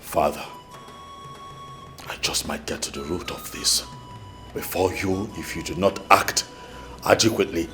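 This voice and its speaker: A man's voice: low voice, unhurried, pauses often, faint music behind. An actor playing a young prince who angrily demands answers from his father, the king. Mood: threatening. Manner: indignant, pleading then shouting. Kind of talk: period drama acting.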